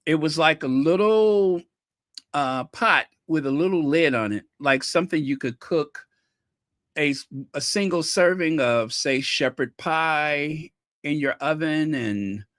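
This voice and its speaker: A man's voice: on the high side, unhurried, fairly bright tone, no room sound, clean studio sound. An American man hosting his own channel, talking casually to viewers in a rambling, playful way with lots of fillers. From United States. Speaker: channel host.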